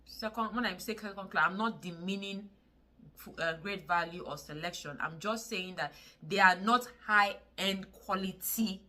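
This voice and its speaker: A woman's voice: mid-range voice, normal speed, bright, forceful tone. A woman from Nigeria with a Nigerian English accent, talking to camera in a casual vlog, earnest and pleading, repeating words for emphasis. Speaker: vlogger.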